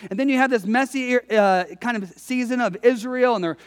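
A man with a notably high voice delivers a sermon, keeping it conversational and story-driven. He presses his points with emphatic repetition. His words trail off in the long reverb of a big hall. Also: normal speed, few pauses. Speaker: pastor.

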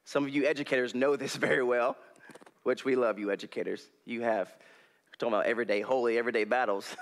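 A young male preacher, giving a folksy, animated sermon in a church hall on a headset mic and laughing often. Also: medium pitch.

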